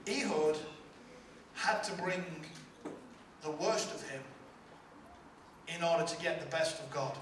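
A man's voice: high voice, moderate pace, long pauses, a bit bright, slight background noise. A male pastor preaching a sermon with emphatic, repetitive rhetorical build-ups. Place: large church hall. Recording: echoey hall from far off, faint ambience.

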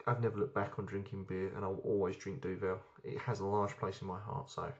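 A man's voice: sits low, flat delivery, a little fast, lo-fi sound. Chatty man reviewing beer. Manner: chatty, enthusiastic, rambling with many ums. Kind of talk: casual beer review vlog.

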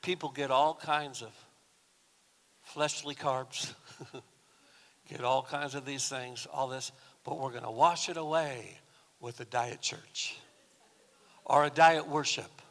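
A pastor giving a sermon in a conversational, storytelling way with touches of humor, recorded in a church. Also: male voice, mid-range voice, fairly even intonation, takes it slowly, pauses often, a bit bright, big-room sound. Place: church sanctuary.

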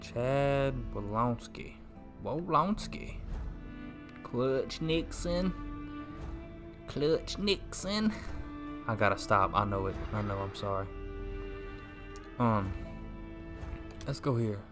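Excitable man doing gameplay commentary. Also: medium pitch, slow, long pauses, music in the background. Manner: playful, excitable, self-mocking. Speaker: gameplay video creator.

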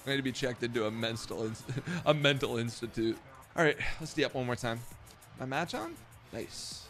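A man's voice: medium pitch, lively intonation, moderate pace, a bit bright. A young man in the middle of a live gaming stream, cursing and mocking himself as he plays. His voice sits in an ordinary middle register, with faint music playing behind him. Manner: profane, self-mocking trash talk with sudden outbursts. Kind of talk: live gameplay commentary.

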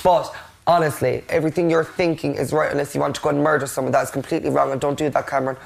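A man's voice: on the high side, steady tone, rapid-fire, vocal fry. A man on a reality show giving blunt, sweary reassurance in a casual heart-to-heart chat.

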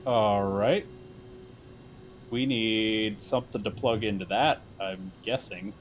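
A man's voice: on the low side, slow, faint music behind. A man streaming a game, joking playfully and reading on-screen text aloud in casual commentary.

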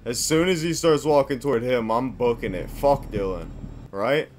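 A young man commentating on his horror game playthrough, swearing freely and reacting loudly to each turn. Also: medium pitch, expressive, normal speed, soft background music. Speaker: gameplay commentator. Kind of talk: let's play commentary.

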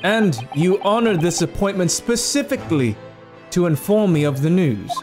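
A man's voice: high voice, big pitch swings, normal speed, over music. A man voicing a pompous older British judge with a put-on, patchy British accent and stately, proud declarations. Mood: formal. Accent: put-on British, mixed.

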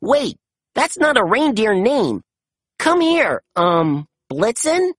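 A woman voicing an eager young male puppy police dog in a storybook read-aloud, calling out excitedly. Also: on the low side, a little slow, husky, no room sound, clean studio sound, voice pushed up, full character voice.

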